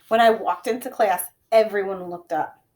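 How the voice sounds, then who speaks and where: A woman reading a children's chapter book aloud in a gentle storytelling manner, dropping to quiet whispers at times. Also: medium pitch, moderate pace. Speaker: reader.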